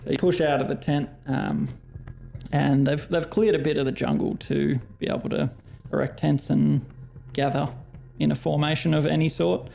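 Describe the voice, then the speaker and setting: An Australian man narrating as dungeon master of a tabletop game, relaxed and hesitant with frequent ums. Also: a little high, moderate pace, gravelly.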